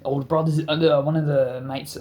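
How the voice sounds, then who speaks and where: Rambling, profane storyteller. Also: male voice, a little high, level tone, normal speed, a little mellow. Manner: rambling, profane, laughing storyteller with frequent restarts. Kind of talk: casual story narration.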